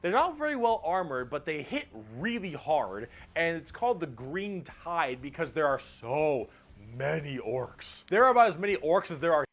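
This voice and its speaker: A man's voice: a little high, big pitch swings, normal speed, a bit bright. A man explaining lore casually, loose and jokey with offhand swearing. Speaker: lore explainer in a played video.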